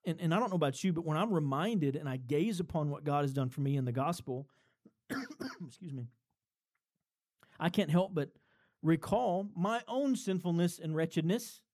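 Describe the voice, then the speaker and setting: A man's voice: fairly high pitch, animated, moderate pace, a little mellow. A man preaching a sermon in a conversational way, building up to emphatic points and chuckling between them. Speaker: pastor.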